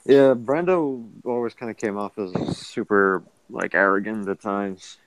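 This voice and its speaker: Low, gravelly man in dry chat. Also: unhurried, dry recording, low-quality recording. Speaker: podcast co-host. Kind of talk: casual chat.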